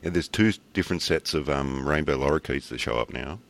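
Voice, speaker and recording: A man's voice: a bass voice, brisk, creaky. An Australian man co-hosting a podcast, telling laid-back stories in casual chat, laughing often and swearing casually. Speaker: podcast co-host.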